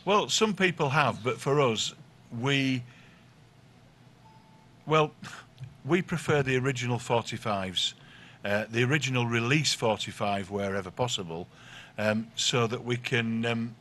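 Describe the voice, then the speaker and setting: A man's voice: medium pitch, unhurried, a bit bright. A middle-aged man from the north of England, an easygoing guest explaining things at length in conversation. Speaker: guest, record collector. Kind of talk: conversational interview.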